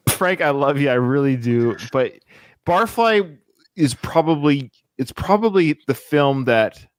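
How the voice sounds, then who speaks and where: A man co-hosting a podcast, talking in an animated, casual way and working through his points with restarts. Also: medium pitch, unhurried, a little hiss or hum. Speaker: podcast co-host. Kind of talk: casual chat.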